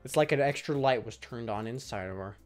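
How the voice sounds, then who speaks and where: Brief: man voicing a calm game club president, polite, quiet, measured, faint music behind. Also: medium pitch, pitched below the performer's own voice, close to an everyday voice. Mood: gentle.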